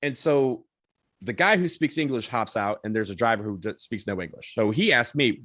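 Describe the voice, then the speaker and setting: Man, podcast co-host, casual storytelling, animated, curses, mid pitch, dry close sound. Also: normal speed, no echo. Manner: animated, swears, acts out others' lines.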